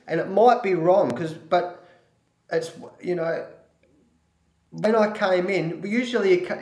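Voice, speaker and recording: A middle-aged man with an Australian accent, a former cricket coach telling a story with animated restarts and repeated words. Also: on the high side, reverberant. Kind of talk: storytelling in a panel talk.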